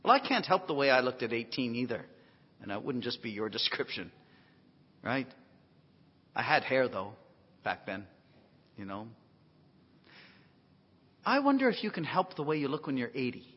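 A man preaching a sermon, swinging from quiet folksy asides to emphatic near-shouts, with self-deprecating humor. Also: mid-range voice, sing-song, normal speed, pauses often, husky. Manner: emphatic, rising to near shouts on key phrases. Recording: dull lo-fi recording in a long-reverb hall.

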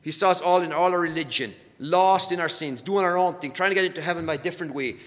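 Middle-aged male preacher, slightly high bright voice, earnest and repetitive, reverberant hall. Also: fast talker. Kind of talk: sermon.

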